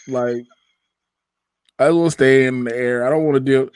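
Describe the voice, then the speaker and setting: A young man with a Chicago accent hosts a podcast over a video call, chatting casually, laughing, and swearing as he tells animated stories. His voice is mid-range and smooth at normal speed, with no room sound.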